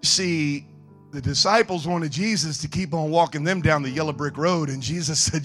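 High, bright, animated male preacher. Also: moderate pace, soft background music. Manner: animated, swings from murmurs to shouting. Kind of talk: sermon with comic storytelling.

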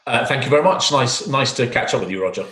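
A man with a Scottish accent, a founder speaking as a guest on a podcast interview over a video call, relaxed and rambling. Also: medium pitch, fast. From Scotland. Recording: echoey room on a call.

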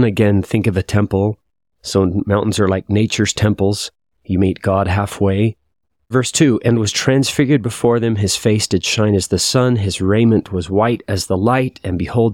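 A man's voice: fairly low pitch, a little mellow, no echo, studio quality. A man teaching a scripture lesson, reading verses aloud and reflecting in a confessional, thoughtful way.

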